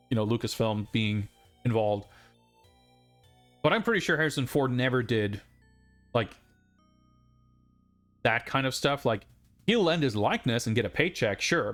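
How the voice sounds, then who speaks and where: Man, live streamer, casual rambling commentary, middle pitch, faint music behind. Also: lively intonation, moderate pace, pauses often. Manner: rambling, many fillers and asides. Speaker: streamer playing a game.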